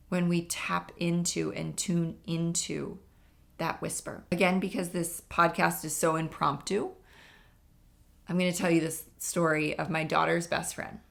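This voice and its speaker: A middle-aged woman talks through her own podcast in an earnest, emphatic way, often turning to her listeners directly. Her voice sits low, with a gravelly fry running through it. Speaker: podcast host. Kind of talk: impromptu solo podcast talk.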